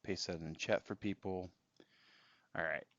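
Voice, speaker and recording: A man streaming a video game and chatting casually with viewers, relaxed and rambling, with many fillers and restarts. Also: sits low, unhurried, no echo. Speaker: gaming livestreamer. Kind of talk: casual live-stream chat while playing. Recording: slightly dull stream audio with faint game music.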